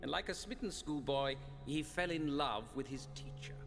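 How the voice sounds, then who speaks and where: An actor playing a grave, sardonic male narrator in a murder mystery game, with a measured, dry delivery. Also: fairly high pitch, animated. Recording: long reverb over loud music. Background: game music.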